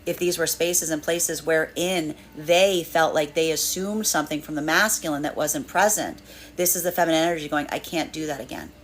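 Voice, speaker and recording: A woman's voice: sits low, fairly even intonation, moderate pace, slight background noise. A woman giving a flowing, spiritual tarot card reading, repeating phrases as she talks through the cards. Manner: flowing, spiritual, repeats phrases while acting out inner voices. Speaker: tarot reader.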